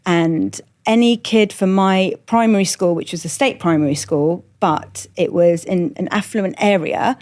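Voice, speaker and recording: Middle-aged woman, middle-class English accent, comedian guest, animated and self-mocking, quick asides. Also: fairly low pitch. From London, England. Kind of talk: candid conversational storytelling.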